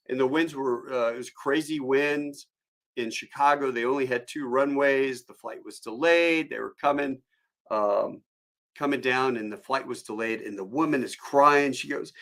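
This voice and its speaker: A man's voice: mid-range voice, moderate pace, a bit bright. Rambling middle-aged male storyteller. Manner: rambling and digressive, with many fillers. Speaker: storyteller, airline pilot. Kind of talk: casual anecdote on a solo live stream.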